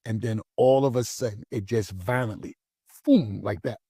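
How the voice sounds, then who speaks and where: A man's voice: on the low side, moderate pace, breathy edge, dry recording, studio quality. A man, a pastor, telling a personal story in a casual conversation, acting out the voices of the people in it. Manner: animated storytelling, acts out voices.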